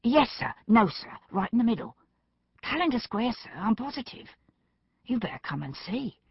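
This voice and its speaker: A woman's voice: fairly low pitch, expressive, moderate pace, gravelly, husky, no room sound, dull audio, heavily acted. A woman voicing a timid young male police constable in an audiobook, flustered and stammering for breath.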